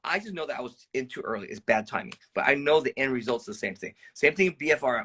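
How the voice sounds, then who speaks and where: A man's voice: a little high, animated, quick pace, few pauses, bright, forceful tone, husky. A man hosting a live stream about trading stocks, talking loosely to viewers, rambling, swearing and calling them "guys".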